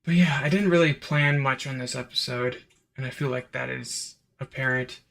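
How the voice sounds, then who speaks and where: A man's voice: medium pitch, normal speed, gravelly, a bit bright. A man hosting his own review channel, talking in a rambling, unscripted way with lots of "like" and "um" fillers. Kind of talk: casual unscripted review monologue.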